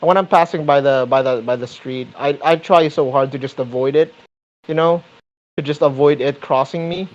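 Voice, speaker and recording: Halting man on a dull mic. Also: on the high side. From Philippines. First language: Tagalog. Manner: halting, repeats and restarts words. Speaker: podcast guest. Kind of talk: casual podcast chat.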